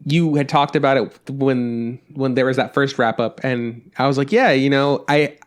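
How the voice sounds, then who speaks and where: A man's voice: mid-range voice, steady tone, moderate pace, clean tone. Brief: male co-host, easygoing banter, casual swearing, mid-range voice. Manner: laid-back, joking, swears casually. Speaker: podcast co-host. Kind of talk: casual chat about anime.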